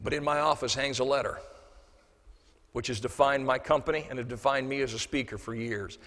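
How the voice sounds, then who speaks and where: A male motivational speaker delivering a storytelling keynote on stage, animated, switching between loud bursts and hushed asides. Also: medium pitch, fairly quick. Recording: echoey large hall.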